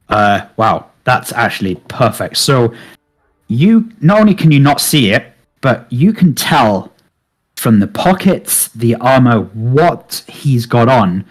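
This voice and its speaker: A man narrating as game master of a tabletop game, relaxed and hesitant with many fillers. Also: medium pitch, slightly rough.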